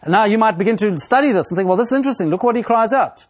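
Male preacher, slightly high voice, deliberate expository sermon delivery, pauses often. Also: lively intonation. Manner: slow and deliberate, with frequent pauses and fillers.

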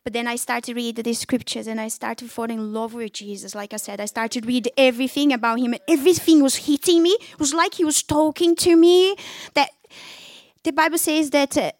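A woman's voice: a little high, steady tone, brisk, darkish tone, no room sound, studio quality. A woman giving an emotional personal faith testimony, talking animatedly in conversational English with non-native phrasing.

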